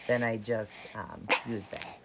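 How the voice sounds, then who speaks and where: A woman's voice: very deep voice, takes it slowly, vocal fry. A woman vlogger tending reborn dolls, cooing and soothing them in casual mother talk while explaining to viewers. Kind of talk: casual show-and-tell vlog. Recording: loud background crying noise. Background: recorded baby crying.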